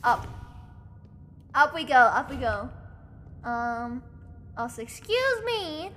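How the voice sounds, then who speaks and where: High, lively woman streamer. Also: takes it slowly, a little hiss or hum. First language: German. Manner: reads game text aloud, chatty, swears freely. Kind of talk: casual gaming livestream chat. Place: home.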